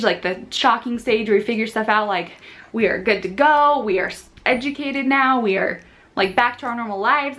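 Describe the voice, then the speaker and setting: A woman's voice: a little high, fairly bright tone. A woman in her twenties, a vlogging new mom, chatting casually to camera and saying "like" a lot. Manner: chatty, fills talk with "like".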